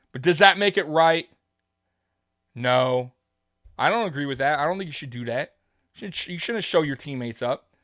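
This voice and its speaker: A man's voice: on the high side, fairly bright tone, no echo, clean studio sound. A man hosting a live sports show, talking straight to his viewers in a heated, rambling fan commentary.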